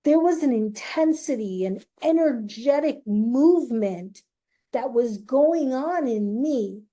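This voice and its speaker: A middle-aged woman hosting her own show, slowly and earnestly telling a personal story in a confiding way. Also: sits high, animated, warm tone. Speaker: host.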